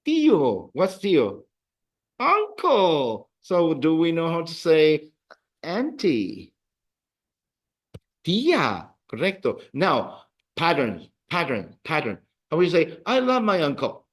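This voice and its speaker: Man, classroom teacher, higher-pitched voice, animated delivery. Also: takes it slowly. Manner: patient, repeats words for the class to echo. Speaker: Spanish teacher. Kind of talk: classroom language lesson.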